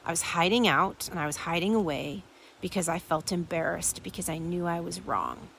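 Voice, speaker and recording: A woman quoting her husband as a remorseful grown man, halting and earnest. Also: fairly low pitch, expressive, gravelly, a little hiss or hum. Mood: apologetic. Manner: halting, earnest, soft-spoken. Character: remorseful grown man apologizing to his wife.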